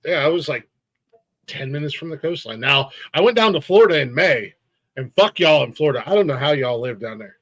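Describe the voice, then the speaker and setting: A middle-aged man with a drawl ranting on a podcast, cursing freely and laughing between lines. His voice sits a little high for a man, and he keeps it loose and chatty. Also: expressive, a little fast, a bit bright, low-quality recording. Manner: profane, heated storytelling with laughs. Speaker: podcast co-host. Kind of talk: casual chat.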